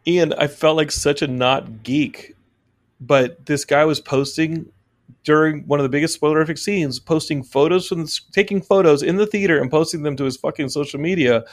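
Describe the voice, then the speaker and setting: A man hosting a podcast, telling stories in casual chat, animated and often laughing. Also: a little high, normal speed, no room sound. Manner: animated, laughing, swearing storyteller. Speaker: podcast host.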